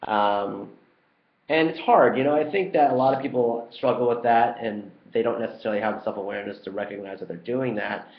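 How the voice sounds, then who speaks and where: Chatty young man in a roomy, dull recording. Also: fairly low pitch. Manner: relaxed and chatty, many ums and uhs. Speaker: startup co-founder answering community questions. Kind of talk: casual Q&A video.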